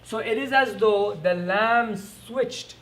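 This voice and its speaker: A man teaching an Arabic lesson, repeating each word slowly and asking quick rhetorical questions as he writes on a board. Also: high-pitched, a bit bright. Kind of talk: recorded classroom lesson.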